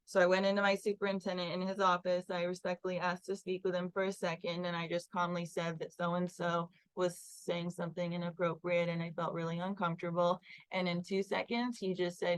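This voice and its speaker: A woman's voice: fairly low pitch, flat delivery, fairly quick, fairly bright tone, smooth, poor audio. A woman, a construction project manager, candidly recounting a workplace incident as an interview guest. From Los Angeles. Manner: earnest, recounts events with quoted dialogue.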